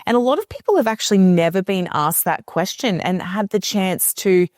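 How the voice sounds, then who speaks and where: A woman's voice: medium pitch, moderate pace, dry recording, studio quality. A woman speaking as a podcast guest, explaining in an earnest, conversational way and livening up when she retells what people told her. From Australia. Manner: earnest, animated when retelling clients' words.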